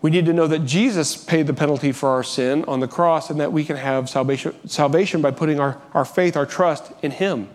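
Earnest, slightly high-voiced male preacher. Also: fairly quick, few pauses. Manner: earnest, repeats and restarts phrases, voice rises when urging. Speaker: pastor. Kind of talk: sermon.

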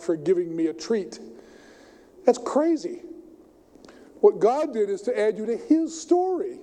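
An older man preaching a sermon, telling stories emphatically and swinging his voice between loud and soft. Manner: storytelling, emphatic, varies pitch and volume widely. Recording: long hall reverb.

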